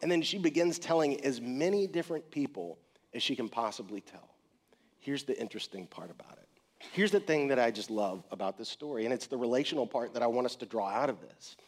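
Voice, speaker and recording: A man preaching a casual, talky sermon, retelling the scene in everyday words and acting out the voices of the people in it. His voice sits at an ordinary middle pitch, and he swings from loud and punchy to quiet and slow. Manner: conversational, animated retelling with acted quotes.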